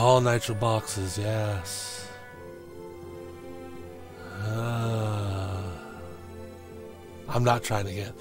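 A man streaming a game, cursing, shouting at enemies and grumbling about the game as he plays. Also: mid-range voice. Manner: profane, frustrated outbursts and yelling at the game. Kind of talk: live gameplay commentary. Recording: game music behind voice.

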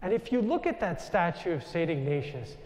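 A man in his thirties, a Jesuit priest with a New York accent, telling lively stories to a live audience. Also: high voice, a little fast. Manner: animated anecdotal storytelling, asides to the audience. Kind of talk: storytelling talk to a live audience. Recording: reverberant hall.

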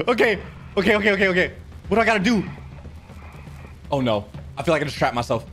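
A man's voice: high-pitched, animated, fast talker, long pauses, fairly bright tone, faint music behind. A young man streaming a horror game, panicking, yelping and muttering to himself. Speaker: gaming streamer. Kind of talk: live horror game commentary.

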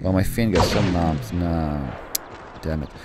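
A man with a very low, deep voice talks through his gameplay as it happens. He gets excitable, rambles into asides, and swears before apologizing for it, all over a faint hiss. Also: a little slow. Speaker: gameplay commentator. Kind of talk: live gaming commentary.

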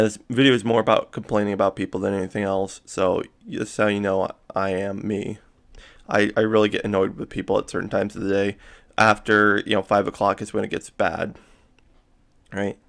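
A man's voice: lowish voice, fairly even intonation, moderate pace, gravelly. A man ranting casually to camera, rambling with many fillers and asides and swearing in exasperation. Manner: profane, exasperated. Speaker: vlogger. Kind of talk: casual rant.

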